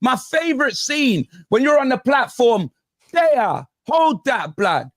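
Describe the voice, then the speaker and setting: A high, wildly swinging male voice, ranting about football on a panel. He fires off slang-laden complaints in a restless rhythm. The sound is dry and close, with no room around it. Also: slow, dry recording. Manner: animated ranting with London slang. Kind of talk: heated football banter.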